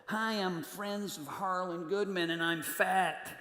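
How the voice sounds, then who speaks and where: A man putting on a laid-back male rock star, low and hushed, drawling his words out slowly. It rings through a large hall with a long echo. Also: fairly even intonation, a little hiss or hum, heavily acted. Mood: mellow, sheepish. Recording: echoey hall with long reverb.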